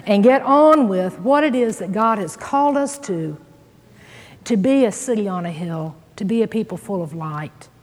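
An earnest woman teaches scripture in a sermon, leaning hard on key words. Her husky voice swings widely in pitch. The sound rings with the long reverb of a church hall. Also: animated, moderate pace, a little mellow. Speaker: Bible teacher.

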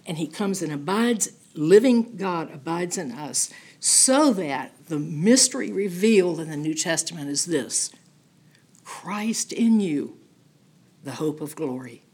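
Woman, middle-aged, Bible study teacher, breathy and somewhat low voice, emphatic conversational teaching. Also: unhurried. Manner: animated, emphatic, conversational with frequent "okay?".

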